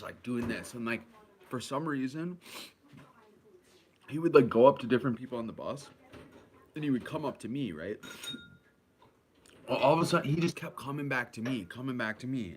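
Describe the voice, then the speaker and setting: A man telling a rambling, profane story about his addiction, acting out the other people's voices. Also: medium pitch. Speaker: vlogger recounting his addiction. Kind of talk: casual storytelling.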